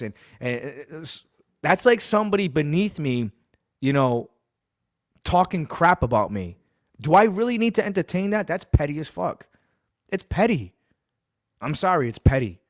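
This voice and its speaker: A man from Massachusetts with a mid-range voice, recorded dry at studio quality, hosts a sports podcast. He rants bluntly and profanely, driving his points home by repeating them.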